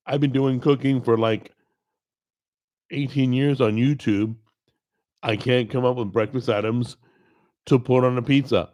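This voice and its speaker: A middle-aged man hosting a cooking show, chatting casually at his desk microphone, with a gravelly, strained voice from a paralyzed vocal cord, rambling and self-deprecating. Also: mid-range voice, fairly even intonation, normal speed, long pauses, darkish tone. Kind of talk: casual chat to camera. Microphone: desk microphone recorded over a video call.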